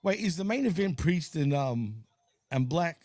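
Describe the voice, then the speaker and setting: A man's voice: on the high side, animated, unhurried, darkish tone, dry recording. A man hosting a casual wrestling watch-along stream, laid-back and swearing, tacking "man" and "bro" onto his sentences. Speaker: host.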